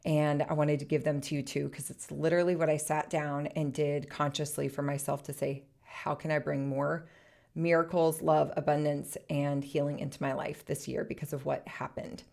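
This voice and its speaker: Low pitched woman rambling through a story on her podcast, lots of likes and laughs. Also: level tone, moderate pace, creaky, darkish tone. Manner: chatty, laughs often, many "like"s. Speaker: podcast host. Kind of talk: casual personal storytelling.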